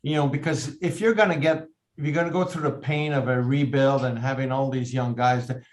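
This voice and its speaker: A man in his fifties answering interview questions as a team president, earnest and measured, with halting restarts. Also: mid-range voice, steady tone. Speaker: team president, podcast guest.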